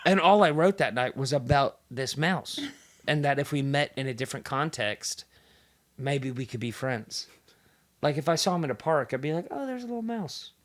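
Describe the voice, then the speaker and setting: A man's voice: medium pitch, moderate pace. A man chatting casually on a podcast with friends, telling a story and acting out the voices in it. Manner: animated storyteller who acts out voices in quotes. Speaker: podcast co-host. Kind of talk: casual chat among friends.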